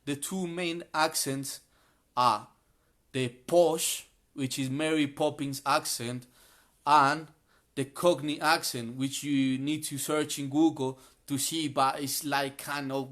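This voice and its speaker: A man who is a guest in a live online English class, chatting in a friendly, relaxed way and explaining things plainly. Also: fairly high pitch, slow pace. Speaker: guest sharing travel tips.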